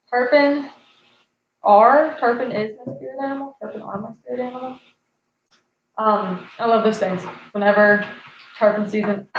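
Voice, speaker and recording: A woman's voice: on the high side, a little hiss or hum. Chatty young woman on an echoey live stream. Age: 20s. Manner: chatty, laughs at her own jokes. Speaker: fishing channel host. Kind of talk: casual live-stream chat reading viewer comments. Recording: echoey, slightly dull live-stream audio.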